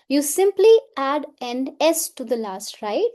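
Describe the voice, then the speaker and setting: Patient female teacher, high and mellow voice, unhurried, repeats vocabulary and translates it. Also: animated. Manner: patient, repeats each word then translates it. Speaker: French teacher. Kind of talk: beginner language lesson.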